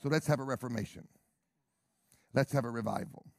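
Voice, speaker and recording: Gravelly, emphatic male preacher. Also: mid-range voice, a little fast, no room sound, clean studio sound. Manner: emphatic, repeats questions to the crowd, swings from whispers to loud. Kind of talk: sermon.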